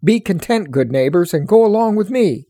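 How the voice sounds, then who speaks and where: A man's voice: high voice, lively intonation, normal speed, mellow, no echo, clean studio sound, pitched above the performer's own voice. A man reading aloud, voicing an anguished male pilgrim who pleads in old-fashioned speech. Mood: pleading. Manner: earnest, pleading, archaic speech.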